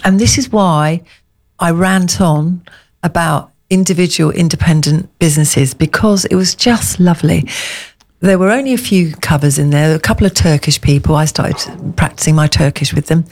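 A middle-aged Englishwoman with a fairly low voice for a woman tells a gushing, chatty story at normal speed, her tone darkish. It's casual conversation, delivered like a radio co-host chatting with a friend on air.

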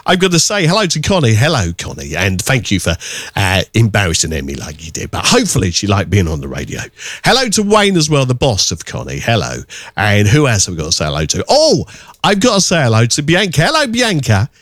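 Male radio presenter with cheeky, teasing chat; very animated pitch. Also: fairly quick, no echo, studio quality. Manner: cheeky, teasing, self-mocking. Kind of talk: casual radio chat with shout-outs.

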